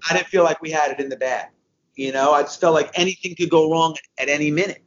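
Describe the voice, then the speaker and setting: A man of fifty-one, a guest telling a race story in casual conversation, animated and repeating himself as he goes. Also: fairly high pitch, fast talker, muffled recording. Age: 50s. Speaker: guest, endurance racer.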